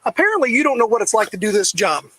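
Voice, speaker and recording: A police officer yelling and giving orders in an agitated argument outdoors, recorded on his body camera. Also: high-pitched, very animated, rapid-fire, heavy background noise. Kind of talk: heated roadside argument.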